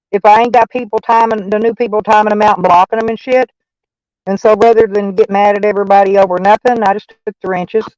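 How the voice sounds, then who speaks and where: Texan woman streamer, loose and profane, mid pitch, dry sound. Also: a little mellow, no echo, rough recording. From Texas. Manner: rambling, profane, folksy. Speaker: live streamer. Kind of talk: casual live-stream chat.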